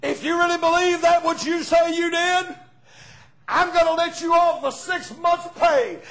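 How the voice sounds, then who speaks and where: A man's voice: very high voice, moderate pace, creaky, fairly bright tone, voice pushed up, full character voice. A man voicing a stern older plantation owner who barks orders, told in a sermon story. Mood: commanding.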